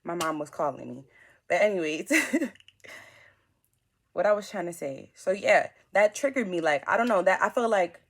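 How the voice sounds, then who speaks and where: A blunt young woman from New York tells a storytime vlog in an animated, slangy way, acting out the quotes. Her voice is lowish, her pace moderate, and she leaves long pauses.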